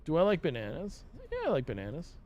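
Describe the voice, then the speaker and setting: A man's voice: fairly high pitch, huge pitch swings, fast talker, darkish tone, slight background noise. A young man streaming a game live, rambling and mocking himself as he talks to himself and his chat, full of fillers. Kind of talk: casual live-stream commentary.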